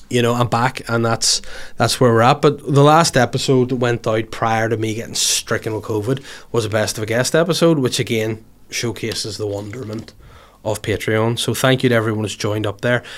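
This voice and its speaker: A man hosting a casual podcast, his voice still a little hoarse from illness. He jokes and rambles, jumping between loud bursts and mumbled asides. His pitch sits in the middle range. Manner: animated, jokey, swings loud and soft. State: hoarse after covid. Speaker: podcast host.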